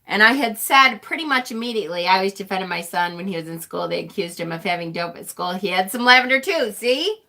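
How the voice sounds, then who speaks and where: A middle-aged woman with a bright, sharp-edged voice, chatting loosely on a livestream. She talks bluntly, swears without a second thought, and laughs often between remarks. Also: mid-range voice, animated, fast, hardly any pauses. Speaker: livestream host. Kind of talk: casual livestream chat.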